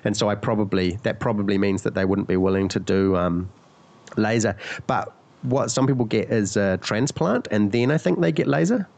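Low gravelly man with a cold. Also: normal speed, darkish tone. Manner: rambling, searches for words, self-correcting. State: sick with a cold. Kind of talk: casual chat.

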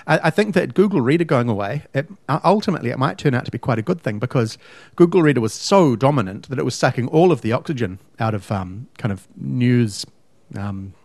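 A man's voice: mid-range voice, lively intonation, brisk, darkish tone, no room sound. A man co-hosting a podcast in casual chat, ranting emphatically and fussing over word meanings. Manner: ranting, emphatic, pedantic about words. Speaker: podcast co-host.

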